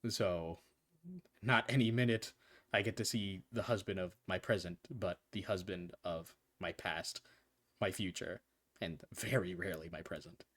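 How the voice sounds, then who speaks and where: Man voicing a worried composed queen, formal, measured, low-pitched. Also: a bit bright. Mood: grave, explaining. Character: composed worried queen speaking for her cursed husband.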